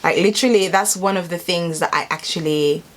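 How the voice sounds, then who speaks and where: A young adult woman talking casually to camera in a vlog, chatty and animated, rambling a little as she explains things. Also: fairly low pitch, a little fast. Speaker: vlogger.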